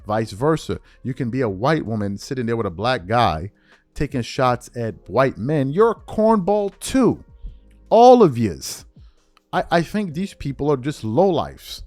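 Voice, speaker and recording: A man's voice: medium pitch, no room sound. A man hosting a sports commentary channel, delivering an emphatic, repetitive opinion rant straight at his viewers.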